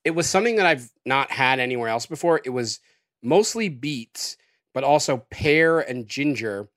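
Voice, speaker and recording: A man's voice: medium pitch, normal speed, no echo, studio quality. A man chatting as a podcast guest, rambling with lots of fillers as he describes a meal. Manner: relaxed, rambling with many fillers. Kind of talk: casual podcast chat.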